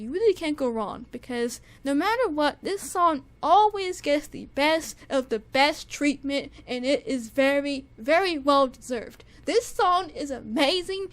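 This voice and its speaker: A woman casually reviewing her favorite songs, gushing with fangirl enthusiasm and rambling with lots of fillers and repeats. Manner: shrieks high with excitement at times. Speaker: music reviewer. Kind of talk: casual solo music review.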